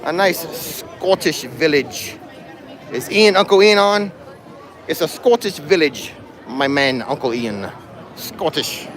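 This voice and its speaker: A man's voice: fairly high pitch, animated, takes it slowly, fairly bright tone. A man hosting a casual livestream while walking through a theme park, joking and laughing at his own jokes. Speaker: livestream host. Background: music and crowd in the background.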